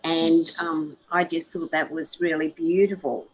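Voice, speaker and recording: A woman with a slightly husky, lower voice co-hosts in a gentle, encouraging tone. She often repeats a word as she begins a thought, then settles into a calm flow. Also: a little slow, poor audio. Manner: gentle, encouraging, repeats words when starting. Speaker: co-host. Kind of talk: casual chat.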